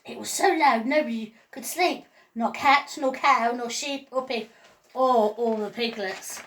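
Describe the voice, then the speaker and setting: Lively high-voiced woman reading aloud. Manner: expressive, lilting, with drawn-out sighs. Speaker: storyteller. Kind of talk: children's picture book read-aloud.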